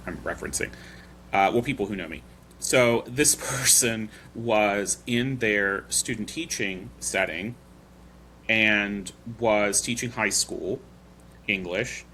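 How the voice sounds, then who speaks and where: A man's voice: lowish voice, sharp tone, slight background noise. A man hosting a podcast, telling stories in a chatty, rambling way. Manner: chatty storyteller, loose and rambling. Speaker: podcast host. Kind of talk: casual chat.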